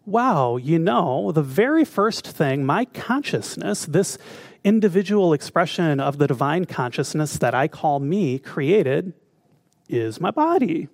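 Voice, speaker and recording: A man's voice: fairly high pitch, big pitch swings, a little slow, dry recording, studio quality. A conversational male minister giving a spiritual talk. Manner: conversational, asks the audience questions.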